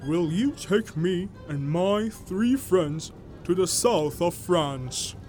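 A man voicing a calm, determined gentleman traveler, speaking in a measured, precise way in audiobook dialogue. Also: sits high, soft background music. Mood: polite.

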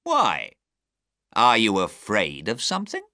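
A man voicing an eager male detective in a storybook reading, full of excited, probing questions. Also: fairly low pitch, slow pace, dry recording, clean studio sound, heavily acted. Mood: teasing.

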